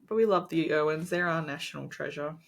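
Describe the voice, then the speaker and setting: A woman's voice: sits low, brisk, vocal fry. A young Australian woman chatting casually as a podcast co-host, giggly and gushing. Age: young adult. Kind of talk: casual chat.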